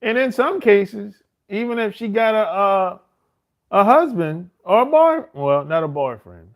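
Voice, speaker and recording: Man, middle-aged, slangy, profane, swaggering storyteller, fairly high voice. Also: expressive, unhurried. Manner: profane, slangy street talk with frequent "man" and "bro"; boastful, swaggering. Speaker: host. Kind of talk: casual storytelling monologue.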